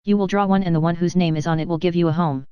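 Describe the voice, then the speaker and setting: Stern proud aunt read by a woman, curt and commanding, smooth low voice. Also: fairly even intonation, rapid-fire, dry recording, lo-fi sound, natural voice. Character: stern, cold, proud middle-aged aunt.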